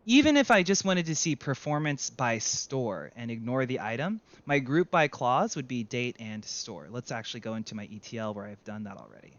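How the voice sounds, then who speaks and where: A man's voice: mid-range voice, moderate pace, hardly any pauses, highs cut off. A man teaching a screen-share tutorial in a conversational way, correcting himself as he goes. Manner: conversational, self-correcting, lively. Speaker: data instructor.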